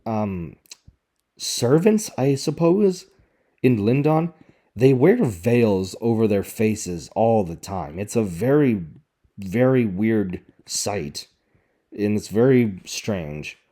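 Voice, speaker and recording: A man's voice: on the low side, lively intonation, slow pace, warm tone. A man giving sarcastic, exasperated commentary as he picks apart a show's dialogue. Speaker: video reviewer. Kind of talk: critical commentary on show dialogue.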